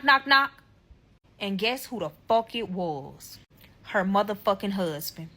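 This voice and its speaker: A young woman recounts a personal story straight to her audience, swearing at nearly every turn. Her voice is bright and forceful, and she talks bluntly from start to finish. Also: medium pitch. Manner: blunt, profane, addresses viewers directly. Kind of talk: storytime vlog.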